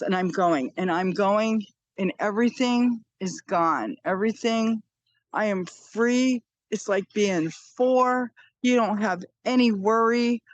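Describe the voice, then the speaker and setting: An older woman tells a deeply personal story in an earnest, animated way, circling back and repeating phrases for emphasis. Her voice sits at an ordinary middle pitch, recorded dry and close. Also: no room sound. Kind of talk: personal near-death story.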